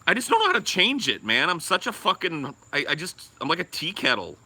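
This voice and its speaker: A man co-hosting a podcast, talking in a profane, rambling casual way with loud laughs. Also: on the high side, huge pitch swings, fairly quick, husky. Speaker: podcast co-host. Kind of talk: casual chat.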